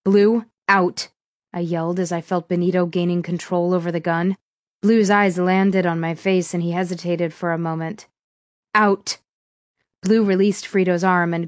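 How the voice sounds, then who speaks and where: A woman reading a first-person thriller audiobook in a steady, measured way. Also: fairly low pitch, no room sound, studio quality. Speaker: audiobook narrator.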